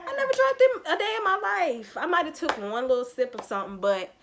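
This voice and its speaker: A woman's voice: high-pitched, sing-song, fairly quick, noisy background. A nineteen-year-old woman, telling a story on her vlog and acting out the quotes. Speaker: vlogger.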